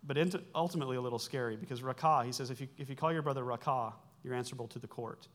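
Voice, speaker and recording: A medium-pitched male voice races along very fast: a pastor in his forties giving a sermon. He breaks down Greek words conversationally, with self-corrections and wry asides along the way.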